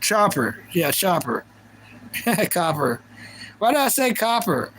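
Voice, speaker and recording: A man's voice: high voice, big pitch swings, slow pace, a bit bright, slight background noise, poor audio. A young man hosting a livestream, chatting casually and playfully about anime and reacting to his viewers. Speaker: livestream host.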